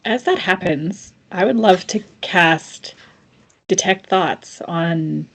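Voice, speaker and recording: A woman at a tabletop game states her character's actions in a deliberate way. Her voice sits low for a woman. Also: gravelly, slightly rough, poor audio. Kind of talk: casual game chat.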